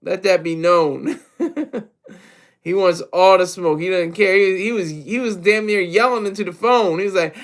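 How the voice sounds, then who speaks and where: A man with a high-pitched voice talking casually in solo hip hop commentary. He rambles, backtracks and restarts often, poking fun at himself as he goes. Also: unhurried, fairly bright tone. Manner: rambling, self-deprecating, with many restarts.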